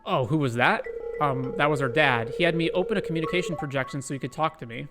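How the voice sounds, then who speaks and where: A man voicing a young male sorcerer, a caring brother, reading his lines in a gentle, apologetic way. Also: fairly high pitch, fast, natural voice. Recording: loud game music behind.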